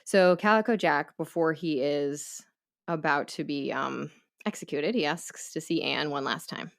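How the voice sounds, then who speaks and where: A woman hosting a podcast, telling a true story in casual chat with quick asides and frequent laughs. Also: low-pitched, vocal fry. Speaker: podcast host.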